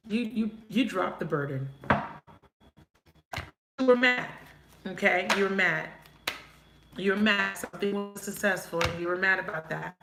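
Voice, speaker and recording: A woman's voice: medium pitch, a little slow, pauses often, pushed and bright, reverberant, a little hiss or hum. A woman reading tarot cards in a casual live chat, swearing now and then and laughing often as she talks to viewers. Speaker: tarot reader.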